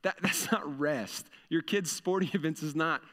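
A man's voice: on the high side, normal speed, pushed and bright. A middle-aged man, a pastor, preaching a sermon in an earnest, conversational way that repeats phrases for emphasis. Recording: reverberant hall.

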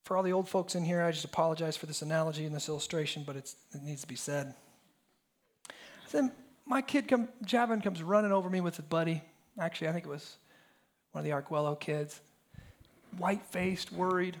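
A man's voice: fairly high pitch, fast talker. A pastor in his thirties preaching a sermon, telling stories animatedly and firing rhetorical questions at the congregation.

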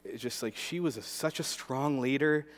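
A man's voice: mid-range voice, moderate pace. A male pastor telling a personal story in a sermon, earnest, with frequent restarts and repeated words. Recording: long hall reverb.

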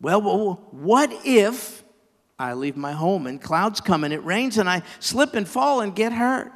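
A timid young moose, fretful and stammering, his voice pitched a little up, as a man puts him on. The sound rings with a long reverb. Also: animated, unhurried. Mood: anxious. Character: worried young male moose, timid and anxious.

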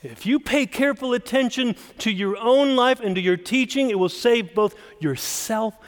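A man's voice: very high voice, normal speed, big-room sound. A man preaching a sermon as pastor, explaining a text and stressing single words with emphasis.

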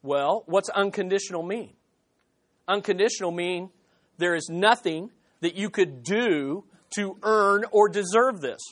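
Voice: mid-range voice, a little slow. A pastor preaching an expository sermon, emphatic, with rhetorical questions and short laughs.

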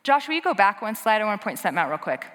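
A woman giving a conversational sermon in a church, animated and quick with asides to the congregation. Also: mid-range voice. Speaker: preacher. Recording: long hall reverb.

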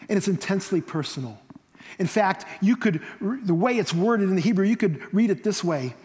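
A man with a fairly high voice preaches a sermon that carries a long reverb through what sounds like a church hall. He swings from loud emphasis down to near whispers. The delivery is dynamic and earnest. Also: lively intonation, normal speed.

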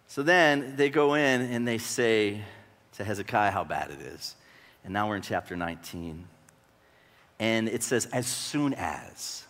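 A man's voice: medium pitch, moderate pace, a bit bright, big-room sound. A male pastor preaching a sermon, retelling scripture conversationally with rhetorical questions and bursts of drama.

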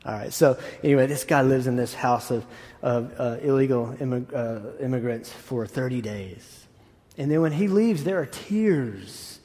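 A man's voice: mid-range voice, lively intonation, normal speed, mellow. A man preaching a sermon as pastor in a casual, enthusiastic way with asides. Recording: echoey hall.

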